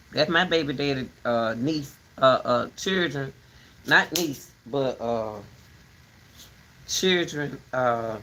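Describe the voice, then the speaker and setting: A woman hosting a casual rambling chat, animated and talkative, turning between her dogs and her viewers. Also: low voice, slight background noise. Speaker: commentary channel host.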